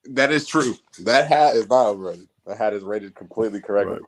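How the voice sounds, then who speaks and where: A man's voice: on the low side, fairly quick. A man chatting casually as a guest, laid-back and slangy, laughing often. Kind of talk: casual chat.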